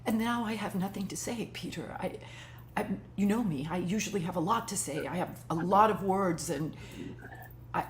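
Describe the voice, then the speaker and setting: Woman playing a hushed, tearful former lover. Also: medium pitch, a little hiss or hum, natural voice. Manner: hushed, halting, emotional. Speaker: improv performer. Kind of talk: improv scene acting. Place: theater stage.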